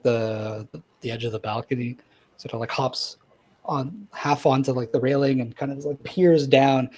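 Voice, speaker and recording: A man's voice: medium pitch, a little mellow. A man running a tabletop game as dungeon master, narrating in a loose way that is full of filler words.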